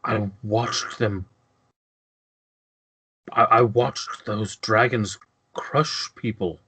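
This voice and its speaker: A man's voice: fairly low pitch, big pitch swings, slow, slightly rough, full character voice, poor audio. A man voicing a weary nobleman who has been trapped for weeks, stammering and shaken. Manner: stammering, trembling.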